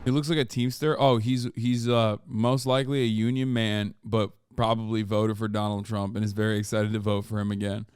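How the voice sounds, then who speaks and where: A man reacting casually to a documentary, swearing and bantering with excitable energy into a close mic. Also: fairly low pitch, fairly quick, hardly any pauses, smooth, no echo.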